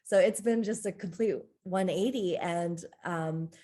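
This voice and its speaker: Expressive woman with a lowish voice. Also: unhurried. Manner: open, expressive, laughs often. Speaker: podcast guest, coach. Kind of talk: candid conversational interview.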